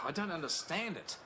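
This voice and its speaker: An exasperated wisecracking sitcom dad. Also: male voice, fairly high pitch. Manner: exasperated, quipping. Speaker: sitcom father. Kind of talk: sitcom acting. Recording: old TV tape with loud hiss.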